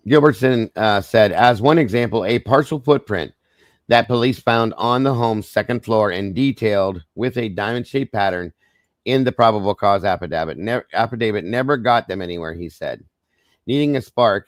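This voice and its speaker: Male stream host, low and dry, voice strained, reading reports with casual asides. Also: lively intonation, moderate pace, no room sound. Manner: conversational, addresses viewers as guys, frequent okays and apologies. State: voice strained, trying not to lose it. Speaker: true crime livestream host. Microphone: streaming microphone.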